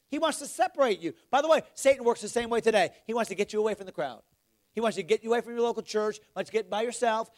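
A middle-aged male pastor preaching a sermon, swinging from loud exhortation to hushed, earnest questions. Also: sits high, quick pace.

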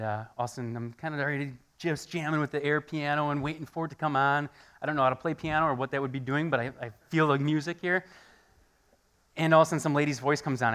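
Animated, bright-voiced male pastor. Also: medium pitch. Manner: animated storytelling, acts out quoted voices. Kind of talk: conversational sermon.

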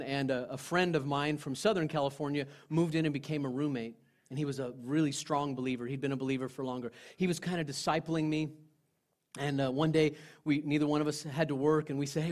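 A male pastor preaching a sermon, telling personal stories in an earnest way, dropping to a hush and then rising again. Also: mid-range voice. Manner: earnest storytelling, swinging from loud to hushed.

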